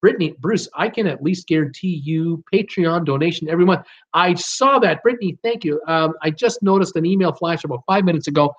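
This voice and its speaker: A man's voice: fairly high pitch, a little fast, dull audio. An older man hosting a live stream, chatting casually as he reads viewer comments aloud. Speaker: host of a live cruise Q&A stream.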